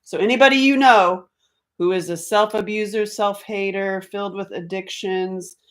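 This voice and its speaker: A woman's voice: medium pitch, normal speed, fairly bright tone. A woman chatting on a casual livestream, laughing often, greeting viewers by name and jumping from topic to topic. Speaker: livestream host.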